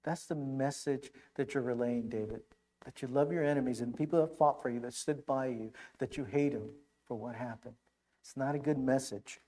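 A man preaching a sermon, reading scripture aloud and explaining it with animated, dramatic emphasis. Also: medium pitch, moderate pace. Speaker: pastor.

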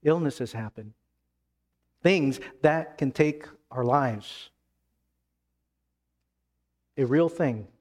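A man preaching a sermon as pastor, emphatic, then dropping to hushed tones. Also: medium pitch, very slow, long pauses.

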